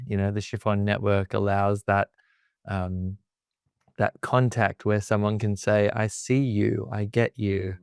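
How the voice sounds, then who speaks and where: A man co-hosting a podcast as a therapist, speaking in a gentle, reflective and affirming way. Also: fairly low pitch, smooth, no room sound, studio quality. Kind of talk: casual conversation.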